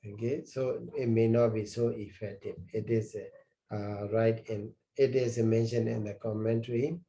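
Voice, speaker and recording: Slow, mellow-voiced monk teaching. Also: male voice, lowish voice, fairly even intonation, slight background noise, low-quality recording. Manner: halting, many fillers and repeated phrases. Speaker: Buddhist monk teaching scripture. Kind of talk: slow scripture lecture.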